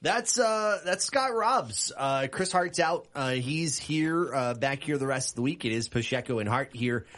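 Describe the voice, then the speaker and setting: Male radio host, casual and jokey, pitch jumps all over, plenty of uhs. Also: measured pace, few pauses. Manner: lively, joking, with frequent filler sounds. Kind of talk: casual studio banter.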